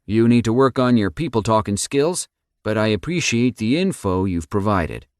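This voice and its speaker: A man's voice: on the low side, lively intonation, moderate pace, no echo, studio quality, voice pushed up, close to an everyday voice. A man voicing a big, folksy rural man with a drawling country way of talking in an audiobook. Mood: hearty. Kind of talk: audiobook character voice.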